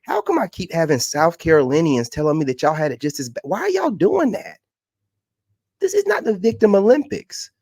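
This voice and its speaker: A man's voice: on the high side, darkish tone, no echo, studio quality. Exasperated man ranting. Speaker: content creator. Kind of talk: heated vlog rant.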